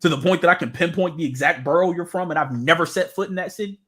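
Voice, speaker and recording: This co-host's voice runs on the high side, fast and with a breathy edge. He tells stories animatedly in casual podcast chat, laughing plenty along the way.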